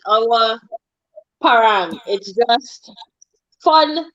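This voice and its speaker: A woman hosting a chat show, talking in a quick, encouraging way. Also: a little high, lively intonation, fairly bright tone, no echo, dull audio. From St Vincent and the Grenadines. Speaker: host. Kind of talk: interview hosting.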